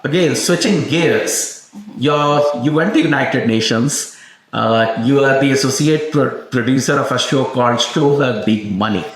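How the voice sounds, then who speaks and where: A man hosts a podcast interview, talking in a loose, conversational way. His voice is at a middle pitch for a man. The sound is very echoey, as if in a bare room. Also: unhurried. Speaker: podcast host.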